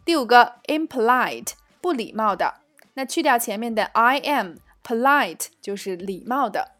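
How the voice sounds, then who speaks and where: A woman with a high voice teaches phrases in a scripted lesson. She reads short dialogue lines clearly and carefully, then explains them in Mandarin. Faint music plays under her voice. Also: lively intonation, measured pace, fairly bright tone. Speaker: English teacher.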